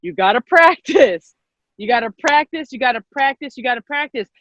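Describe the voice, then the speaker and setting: A workshop leader, this young woman hosts a live online class for girls with lively intonation in her high voice and a moderate pace. Encouraging and upbeat, she repeats herself and laughs frequently. The computer mic on the video call sounds dull and lo-fi, with slight background noise.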